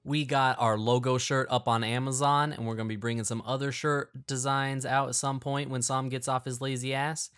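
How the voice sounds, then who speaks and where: A man's voice: mid-range voice, little pitch movement, normal speed, hardly any pauses, fairly bright tone, clear, resonant tone. A man hosting a podcast, chatting casually, laughing and plugging the show. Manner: laid-back, laughing, plugs the show. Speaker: podcast host.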